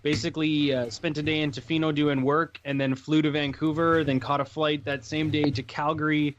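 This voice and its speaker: A man's voice: a little high, level tone, a little fast. A man co-hosting a podcast over a remote mic, chatting casually in a rambling, hesitant way. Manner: rambling, hesitant, laughs things off. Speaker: podcast co-host. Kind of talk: casual chat. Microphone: remote call mic. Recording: dull lo-fi call audio with faint noise.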